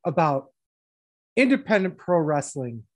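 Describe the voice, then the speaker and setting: Lively-voiced woman hosting with crude banter. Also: low voice, unhurried. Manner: profane, teasing banter. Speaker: podcast host. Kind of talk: casual wrestling podcast chat.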